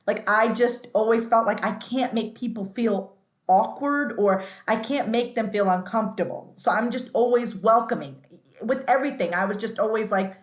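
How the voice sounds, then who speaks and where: A woman's voice: fairly high pitch, moderate pace, echoey room. A woman guest on an interview podcast, telling stories in a chatty, candid way, often restarting and saying "like".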